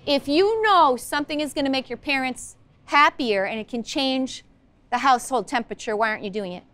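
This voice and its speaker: A woman teaching social-emotional learning quizzes her students during a classroom lesson at school. Her voice is high, bright, and cheerful, and she talks fairly quickly, coaxing the class along with many questions.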